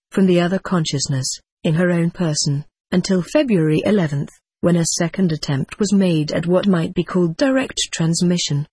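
A narrator reading a first-person memoir aloud in a steady, unhurried audiobook style. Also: mid-range voice, husky, dry recording.

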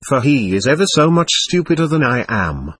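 A man's voice: mid-range voice, very animated, normal speed, a bit bright, slightly rough, no echo. A man reading the part of a sullen, scornful young male servant who speaks in a curt, resentful way, in an audiobook.

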